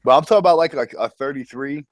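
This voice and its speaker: A man with a medium-pitched voice talks fast in a dry recording. He hosts a casual voice-chat show about a strategy game event, keeping things laid-back and profane and chuckling often.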